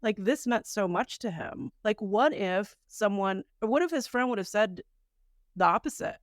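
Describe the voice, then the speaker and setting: A woman's voice: mid-range voice, lively intonation, moderate pace, no room sound, studio quality. A woman co-hosting a podcast in casual chat, reflective and chatty, laughing often. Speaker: podcast co-host.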